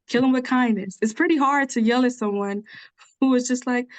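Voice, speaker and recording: Soft-spoken, even-tempered woman guest. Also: on the high side, a little fast, no echo. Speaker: podcast guest. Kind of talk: casual conversational interview.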